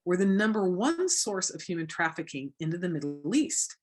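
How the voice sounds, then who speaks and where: A woman from Florida, a guest on an interview show, tells a story with animated energy. Her voice sits on the low side, and she bounces into the voices of the people she quotes as she goes. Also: moderate pace. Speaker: guest, anti-trafficking educator. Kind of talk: casual interview talk.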